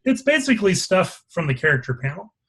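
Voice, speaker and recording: Male instructor, slightly high voice, walks through a screen demo step by step, asks for questions. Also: big pitch swings, brisk, a bit bright, husky. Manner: explains step by step, checking for questions. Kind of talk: live software lesson with screen demo.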